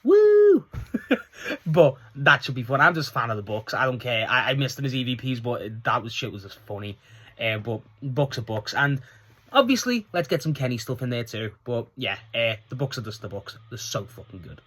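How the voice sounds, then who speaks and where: Excitable, sweary man reviewing wrestling. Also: medium pitch, a little fast, husky. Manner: excitable, swearing, laughing, recounting scenes. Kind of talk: casual solo review.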